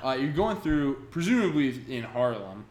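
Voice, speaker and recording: A podcast co-host with a medium-pitched voice walks his friends through a comic book's plot, breaking into the characters' voices in short, lively bursts. It's a relaxed conversation, captured in a roomy space with a bit of faint noise.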